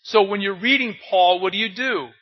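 Older male pastor with a high-pitched, breathy voice; chatty sermon full of rhetorical questions; muffled lo-fi recording. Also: normal speed. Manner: asks rhetorical questions, tells anecdotes. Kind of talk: conversational sermon. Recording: dull lo-fi recording.

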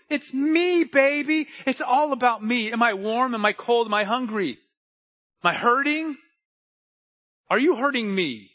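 A man preaching a sermon, dropping to a near hush and then rising to loud emphatic lines. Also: sits high. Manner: preaching with wide swings from hushed to emphatic. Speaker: pastor. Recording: dull lo-fi sound.

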